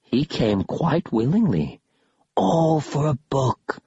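A man voicing whispering, skull-headed library spirits who try to trade for souls, in a slow, hushed, tempting husky voice in an audiobook. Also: mid-range voice, sing-song, dry recording, highs cut off, full character voice. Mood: sinister tempting. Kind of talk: audiobook reading.

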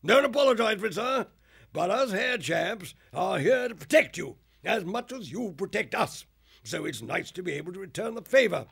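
A male narrator puts on a jolly hare officer with plummy military banter. The voice is raspy and gravelly and high. His pitch swings up and down. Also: big pitch swings, normal speed, fairly bright tone, full character voice. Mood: jovial. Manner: plummy old-soldier banter. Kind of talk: audiobook character voice.

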